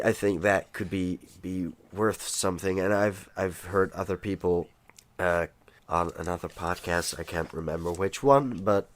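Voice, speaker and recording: A deep-voiced man with a cold chats on a podcast, rambling and often restarting. His voice is rough and recorded close and dry, with no room sound. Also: no room sound. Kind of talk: casual chat.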